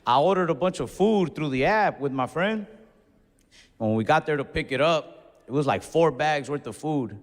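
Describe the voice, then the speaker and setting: A young man performs a stand-up set in a large comedy hall, telling laid-back stories and acting out his own outbursts. His voice is on the high side with lively intonation at a moderate pace, with live hall reverb and faint crowd ambience.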